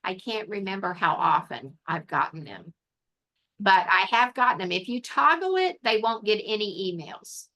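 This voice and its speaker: A woman's voice: mid-range voice, very animated, moderate pace, sharp tone, dull audio. A woman explaining things in a casual online meeting, rambling with many fillers, heard over a video call. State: has the hiccups. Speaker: meeting leader.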